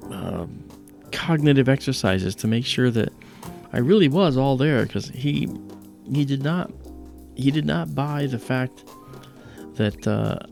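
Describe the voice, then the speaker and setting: A man's voice: medium pitch, creaky, a little mellow. A man hosting a livestream, chatting casually and telling a personal story with many fillers and acted-out quotes. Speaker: livestream host.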